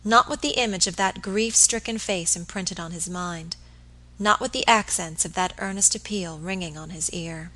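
A woman reading a classic novel aloud as an audiobook narrator, with steady, even storytelling. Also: fairly low pitch, normal speed, poor audio. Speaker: audiobook reader. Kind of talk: scripted narration.

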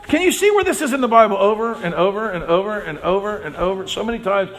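A pastor preaches a sermon conversationally, calling congregation members by name and acting out the voices in his stories with big pitch swings. His delivery is animated and quick, set against a noisy background.

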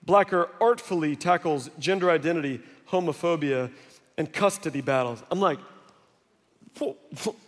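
Male pastor, high voice, lively storyteller preaching in a big reverberant church. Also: normal speed. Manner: animated storytelling with acted quotes. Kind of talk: sermon. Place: large church hall. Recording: long hall reverb.

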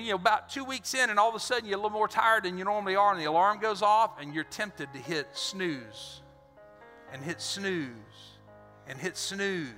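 A man preaching a sermon as pastor, energetic and animated, acting out little scenes. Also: high voice. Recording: reverberant hall with faint music.

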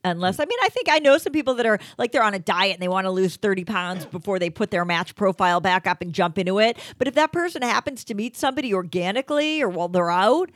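A woman's voice: mid-range voice, animated, fast, hardly any pauses, dry recording. A middle-aged woman co-hosting a dating podcast, giving advice off the cuff in a chatty, opinionated way. She sounds close to the mic in a dry, dead room. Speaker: podcast co-host. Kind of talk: casual chat.

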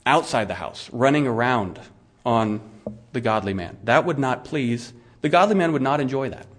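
A man's voice: medium pitch, lively intonation, normal speed. A middle-aged male pastor preaching a sermon in a conversational way, asking his listeners questions and often restarting his words. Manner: frequent restarts and repeated words.

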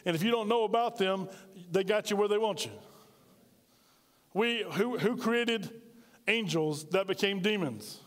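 A man's voice: sits high, unhurried, long pauses, big-room sound. A male pastor preaching a sermon, firing off emphatic rhetorical questions.

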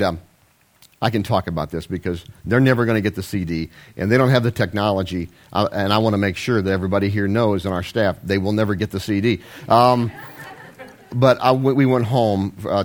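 A man, preaching a folksy, rambling sermon with self-deprecating asides. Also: lowish voice. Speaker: pastor.

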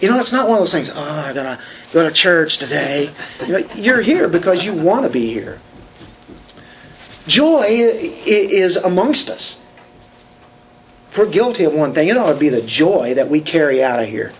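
A man's voice: sits high, very animated, moderate pace, pauses often, highs cut off, a crowd in the background. A man preaching a sermon, talking conversationally and asking the congregation questions. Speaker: pastor.

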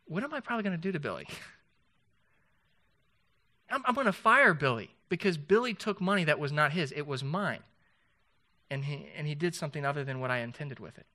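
A pastor with a fairly high, bright voice and a forceful tone preaches conversationally. He poses rhetorical questions to the congregation and often restarts his sentences.

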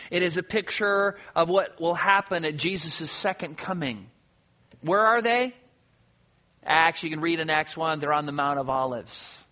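Bright, high-voiced male pastor preaching. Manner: conversational preaching with rhetorical questions. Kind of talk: sermon.

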